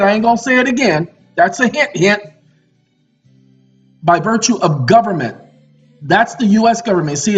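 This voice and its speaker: A man giving a lecture monologue in a preachy, confrontational manner with teasing asides. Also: high-pitched. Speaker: online lecturer. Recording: muffled audio with faint music.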